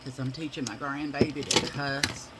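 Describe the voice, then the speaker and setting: A woman voicing a foul-mouthed, flustered older grandmother who curses loudly. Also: rumbling low, flat delivery, normal speed, very noisy. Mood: apologetic. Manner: loud cursing at a video game.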